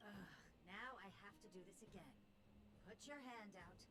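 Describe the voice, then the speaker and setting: A woman's voice: medium pitch, moderate pace, sharp tone, natural voice. Woman doing a grumpy game quiz lady, impatient. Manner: grumbling, irritable.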